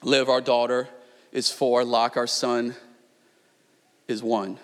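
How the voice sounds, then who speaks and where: A man in his thirties preaching a sermon in a large church, telling stories with animated energy that climbs to near-shouts. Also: medium pitch, slow. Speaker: pastor. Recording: long hall reverb.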